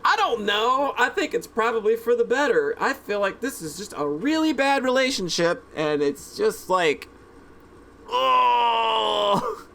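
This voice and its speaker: A man hosting a let's play, reading a visual novel aloud and breaking in with animated, exclamatory asides. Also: sits high, moderate pace, few pauses.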